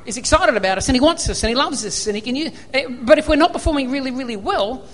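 A man's voice: very high-pitched, expressive, fast talker, fairly bright tone, long reverb tail. An Australian man preaching a sermon, telling personal stories and acting out remembered dialogue. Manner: storytelling, acts out remembered dialogue.

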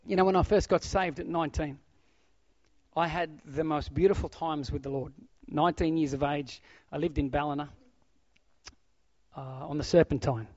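A middle-aged man preaching a sermon, swinging from loud exclamations to hushed, almost whispered lines. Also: fairly high pitch, fairly even intonation, normal speed, dry recording. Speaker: pastor. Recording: dull, dry lo-fi sound.

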